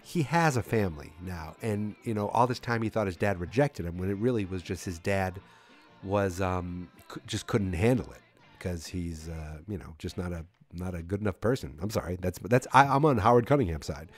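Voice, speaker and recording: Lowish guy rambling thru a show recap on his podcast, lots of um and you know, faint music under it. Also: moderate pace. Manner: rambling, full of fillers and restarts. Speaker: podcast host. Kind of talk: casual episode recap.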